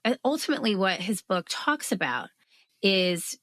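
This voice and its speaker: A woman in her thirties, a guest on an interview podcast, telling her story in a lively way and acting out her own past outbursts. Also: medium pitch, moderate pace, dry recording. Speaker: guest, author.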